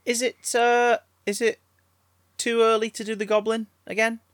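A man's voice: very high-pitched, level tone, moderate pace, fairly bright tone, no room sound. Sarcastic, sweary man, dry sound. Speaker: podcast co-host. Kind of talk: casual chat.

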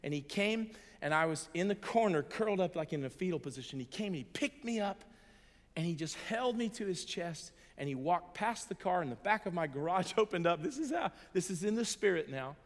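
A middle-aged man preaches and tells his story with strong feeling, dropping to a hush and then rising to loud peaks. His voice sits slightly higher than most men's. It rings out with the long reverb of a large hall. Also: expressive, brisk. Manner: emotional storytelling, shifting from hushed to loud. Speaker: pastor. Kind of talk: sermon with personal testimony. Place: church hall.

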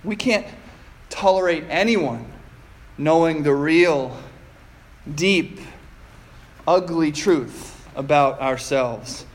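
Slow-spoken male pastor, higher voice. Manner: measured, with rhetorical questions and pauses. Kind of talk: sermon.

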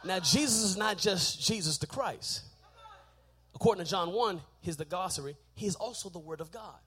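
A man preaching a sermon, shouting his points and joking with the congregation in a church. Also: sits high, moderate pace.

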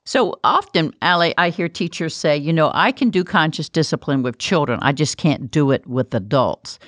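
A woman's voice: low-pitched, animated, normal speed, a bit bright, no echo. A woman interviewing a guest, asking questions and reflecting on the answers with enthusiasm.

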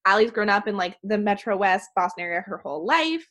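A woman co-hosts a casual podcast. Her pitch rises and falls in a lively way as she tells stories, and she agrees readily with her partner. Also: quick pace, dull audio. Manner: agreeable, animated storytelling. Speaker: podcast co-host.

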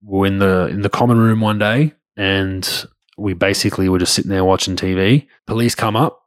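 Low-voiced Australian man telling a story. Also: fairly even intonation, fairly quick, dry recording, studio quality. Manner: loose and conversational, frequent restarts and casual swearing. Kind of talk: casual storytelling.

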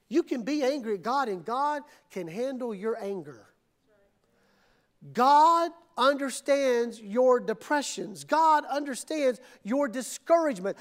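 A middle-aged man preaching a sermon as pastor, swinging between quiet reflection and impassioned, acted-out cries to God. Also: very high voice, normal speed. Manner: preaching with rising, impassioned outbursts and acted-out prayers.

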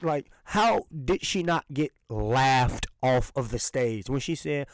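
Young male podcast host, profane and sarcastic rant, very lively swings in pitch, dry close sound. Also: extremely slow, pauses often, smooth, dry recording, poor audio. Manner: indignant, sarcastic, profane, laughs while ranting. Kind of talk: ranting solo podcast commentary.

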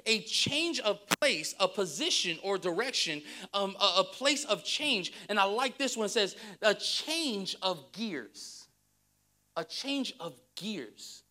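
A woman pastor preaching a sermon, reading scripture and joking with the congregation in a lively way. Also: medium pitch.

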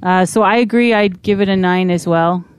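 A woman's voice: fairly low pitch, normal speed, slight background noise. Woman chatting casually about films. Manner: conversational, agreeable, plain-spoken. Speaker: film review podcast co-host. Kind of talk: casual film review chat.

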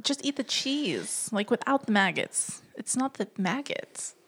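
A woman's voice: fairly high pitch, big pitch swings, a little slow, a bit bright, breathy edge. A woman co-hosting a casual podcast, chatting bluntly and swearing freely. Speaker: podcast co-host. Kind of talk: casual chat.

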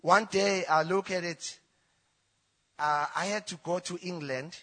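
Zulu-speaking man with a high, bright voice. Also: steady tone. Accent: South African. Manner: storytelling, halting English with restarts. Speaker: church member giving testimony. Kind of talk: personal testimony. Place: church. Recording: reverberant church hall.

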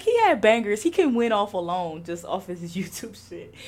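A woman's voice: medium pitch, normal speed, hardly any pauses, a little hiss or hum. A young woman hosting a podcast, chatting casually with lots of laughter and swearing. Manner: animated, laughing, profane. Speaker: podcast host.

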